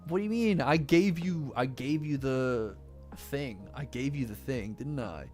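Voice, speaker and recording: A man's voice: medium pitch, animated, a little slow, a little mellow. A man casually chatting with his live-stream chat, rambling and swearing, often breaking into laughter. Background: faint lofi music.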